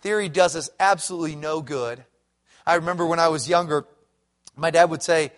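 A middle-aged man preaching a sermon as a pastor, swinging from loud emphatic peaks to low quiet passages. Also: fairly quick.

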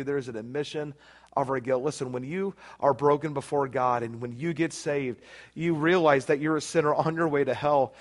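A man's voice: a little high, fairly even intonation, normal speed. A man preaching a sermon, emphatic, acting out quoted prayers in a rising voice. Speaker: pastor.

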